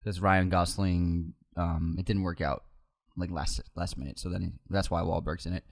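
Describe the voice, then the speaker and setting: A man's voice: low-pitched, steady tone, moderate pace, creaky. Chatty, laughing male podcast host. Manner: laughs often, chatty, self-mocking. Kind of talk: casual podcast chat and ad read.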